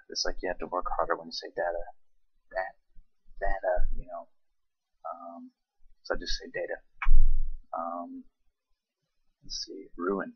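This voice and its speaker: A tired young man from Charleston with a Southern accent, reading a word list slowly and hesitantly with many ums. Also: low voice, little pitch movement, vocal fry, husky, no echo, lo-fi sound. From Charleston, South Carolina. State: tired, late at night. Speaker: vlogger.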